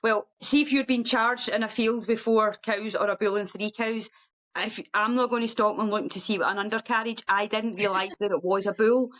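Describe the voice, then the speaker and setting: A middle-aged woman, a guest on a podcast, telling a story in a lively, animated way and acting out other people's voices. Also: brisk, rough recording. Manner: lively, acts out quoted voices in a high sing-song. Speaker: guest ultra runner.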